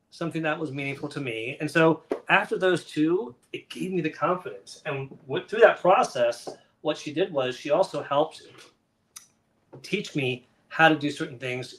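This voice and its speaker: Animated middle-aged man telling stories. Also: on the high side. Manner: animated, acts out the voices of others in his stories. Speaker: children's book author, guest. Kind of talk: conversational interview storytelling.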